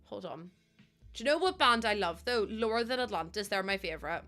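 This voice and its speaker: A young woman chatting casually to her stream, full of "like" and quick laughs. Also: mid-range voice, animated, a bit bright, faint music behind. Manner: chatty, laughs often, lots of "like".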